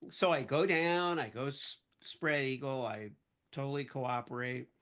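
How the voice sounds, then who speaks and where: A man guest on a podcast, telling a casual anecdote in an animated way and acting out the voices of the people in it. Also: medium pitch, unhurried. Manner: animated storyteller who acts out quoted voices.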